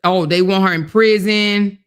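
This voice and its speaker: Speaking in a clean, steady mid-range voice at an unhurried pace, a woman hosts a casual stream. She reads her chat aloud and talks right to her audience, repeating herself emphatically out of indignation.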